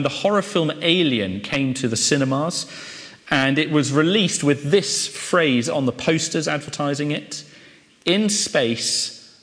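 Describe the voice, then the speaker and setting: A man preaching a sermon, building drama with repeated rhetorical questions and pauses. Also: fairly high pitch, a bit bright, long reverb tail.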